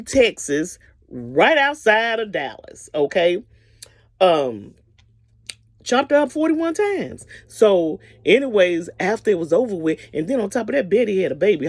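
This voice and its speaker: A woman casually retelling a movie's story in a chatty, animated way, often asking "okay?" and calling the listener "honey". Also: mid-range voice, dry recording, studio quality.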